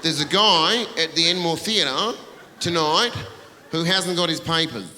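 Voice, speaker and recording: Here the voice is fairly high, bright and pushed, with lively intonation and a slightly slow pace. He's an Englishman performing brash, sweary stand-up that teases a large theatre audience, captured with echo and audience noise.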